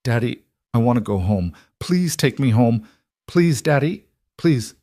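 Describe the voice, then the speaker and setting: A man's voice: mid-range voice, lively intonation, unhurried, mellow, no room sound, clean studio sound, close to an everyday voice. A man voicing a frightened little girl who pleads tearfully for her father. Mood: pleading.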